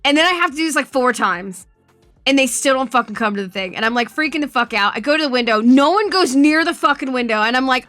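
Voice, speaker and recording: A young woman streamer chatting casually, with a fairly high, bright and forceful voice. She rambles and swears freely as she tells her stories, close to the mic in a dry room, with faint music playing underneath. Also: no room sound. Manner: swears often, rambling and animated storytelling. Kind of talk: casual chat.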